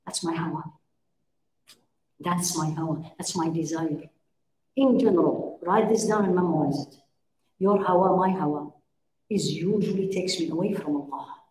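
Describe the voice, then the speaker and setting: A woman's voice: lowish voice, normal speed, long pauses, a little mellow, slight background noise. Woman teaching a class in an echoey room. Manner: engaging, questions the audience, acts out dialogues. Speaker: religious teacher. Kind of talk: lecture to a women's class. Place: room with a live audience.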